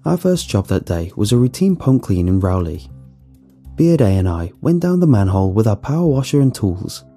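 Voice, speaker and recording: Man, first-person horror narration, wry and nervous, gravelly, lively pitch. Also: normal speed, soft background music.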